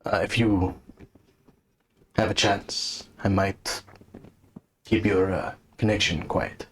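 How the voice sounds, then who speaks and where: A man narrating as game master in a casual tabletop session, relaxed and joking. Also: sits low, slow pace, a little hiss or hum. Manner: relaxed, joking, full of fillers.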